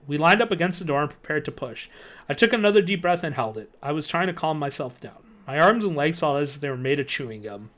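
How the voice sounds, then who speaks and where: On a live stream, a man reads a spooky children's book aloud, expressive and quick with a joking aside. His voice sits a touch high for a man, and he speaks at normal speed.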